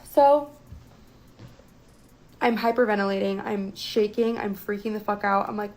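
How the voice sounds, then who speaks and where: A young woman telling a personal story as a guest in a casual, profane, animated way. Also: medium pitch, measured pace, long pauses, poor audio.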